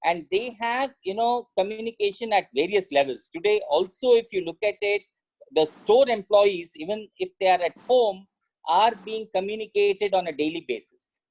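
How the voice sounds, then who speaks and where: A man's voice: high voice, moderate pace, darkish tone, low-quality recording. A man explaining his company's approach as a panelist on a video call, with frequent fillers. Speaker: panelist, business leader. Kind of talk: panel discussion.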